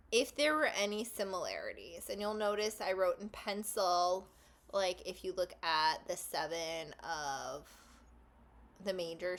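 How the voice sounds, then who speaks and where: A woman's voice: medium pitch, a bit bright. A woman hosting a casual tarot vlog, talking in a rambling, chatty way with asides about herself. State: just ate lunch, burpy. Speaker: tarot channel host.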